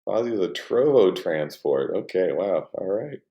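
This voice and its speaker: A man's voice: low-pitched, very animated, normal speed, mellow, reverberant, muffled recording. A man hosting a livestream, rambling in casual chat with many restarts and greeting viewers by name. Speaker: livestream host.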